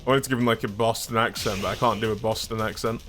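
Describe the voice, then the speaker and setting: A man's voice: fairly low pitch, steady tone, fast, music in the background. A male streamer giving casual, self-deprecating let's-play commentary while reading game dialogue aloud. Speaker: streamer playing a video game.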